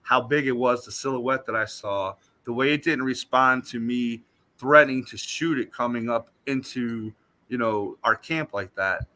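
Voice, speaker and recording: Bright-voiced man telling a story. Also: medium pitch, normal speed. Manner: animated, emphatic retelling that acts out what he said. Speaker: guest. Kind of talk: casual storytelling on a talk show.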